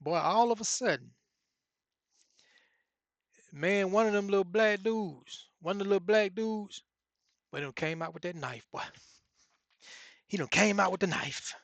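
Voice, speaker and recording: Gravelly man telling a story casually. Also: high-pitched, measured pace, pauses often, a bit bright, no echo. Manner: rambling, repeats phrases, many fillers.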